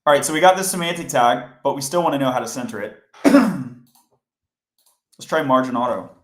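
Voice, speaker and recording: Casting note: male livestream coding host, mid-pitched, casual and explanatory, recorded in a roomy space. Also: lively intonation, fairly quick. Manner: chatty, explains step by step, talks to chat. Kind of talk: casual live coding tutorial. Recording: roomy echo.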